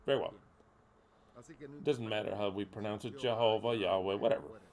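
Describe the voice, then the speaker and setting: A man's voice: lowish voice, fairly even intonation, normal speed, darkish tone. A man preaching a sermon in an emphatic, blunt way, repeating key words and sometimes swearing.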